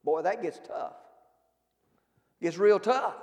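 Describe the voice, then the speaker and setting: A man's voice: high-pitched, lively intonation, slow pace, darkish tone. A man preaching a sermon, folksy, asking the congregation questions directly. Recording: long reverb of a hall.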